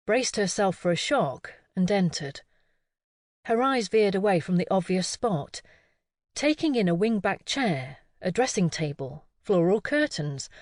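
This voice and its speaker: Woman reading a cozy mystery audiobook, slow and calm, lively pitch, dry studio sound. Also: dry recording. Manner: calm and expressive. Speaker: audiobook narrator. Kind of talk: scripted narration.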